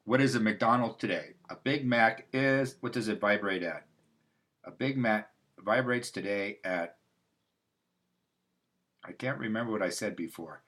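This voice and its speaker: Low-voiced rambling man on a livestream. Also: unhurried, long pauses, a bit bright. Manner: rambling, with many restarts and asides. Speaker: host. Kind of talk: casual livestream talk. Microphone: livestream mic.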